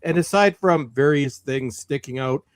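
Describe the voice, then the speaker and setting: A man with a Canadian accent, co-hosting a casual live panel chat in a lively, self-mocking way. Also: a little high, moderate pace, no echo. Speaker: podcast co-host.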